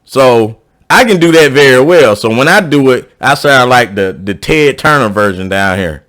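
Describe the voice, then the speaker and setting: An animated man with a fairly bright tone and moderate pace, he's a YouTube commentator from South Georgia giving a lengthy, casual opinion monologue. He rambles, circles back with repeats and restarts, and lifts his pitch for emphasis.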